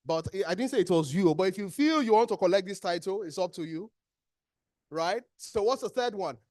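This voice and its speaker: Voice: medium pitch, brisk, dry recording, studio quality. A trainer with a Nigerian accent, leading an interactive workshop and quizzing the room. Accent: Nigerian English. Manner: animated, asks the room questions and answers them. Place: training hall with an audience.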